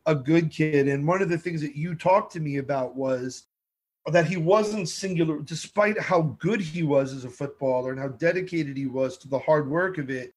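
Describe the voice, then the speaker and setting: A man tells stories in a relaxed interview, voicing the people he quotes. His voice sits a little high for a man. His delivery is lively and conversational. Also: moderate pace. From New York. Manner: animated storyteller, acts out quotes. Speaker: TV food show host, guest.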